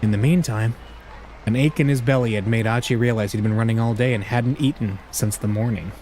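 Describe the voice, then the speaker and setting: A man's voice: mid-range voice, brisk, darkish tone, a little hiss or hum. A man hosting a let's play, reading a visual novel aloud with casual, jokey asides.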